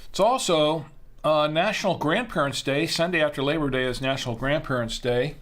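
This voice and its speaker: A man's voice: on the high side, brisk, fairly bright tone. A man hosting a casual wine-tasting livestream, rambling with fillers and restarts as he reads out viewer chat.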